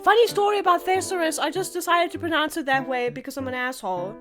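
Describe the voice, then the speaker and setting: A woman's voice: high voice, quick pace, few pauses, fairly bright tone, soft background music. A woman delivering an unscripted, profane and sarcastic rant as an online video creator.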